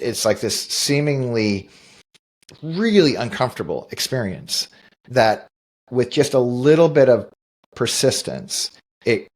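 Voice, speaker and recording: A middle-aged man with a fairly low voice speaks as a podcast co-host. He tells a personal story in an earnest, thoughtful way and often backs up to restart a phrase. His delivery stays conversational and unhurried. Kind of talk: reflective storytelling in casual conversation.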